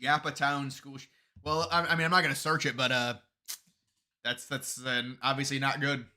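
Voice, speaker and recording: A man's voice: medium pitch, level tone, normal speed, sharp tone. A man hosting a live stream, chatting casually and sarcastically about politics with many restarts.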